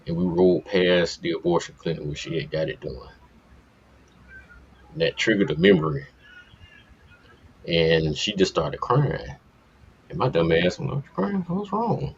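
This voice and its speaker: A man's voice: sits low, slight background noise. A man casually telling a candid personal story on a podcast, speaking bluntly with plenty of profanity. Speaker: podcast co-host. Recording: dull lo-fi podcast audio.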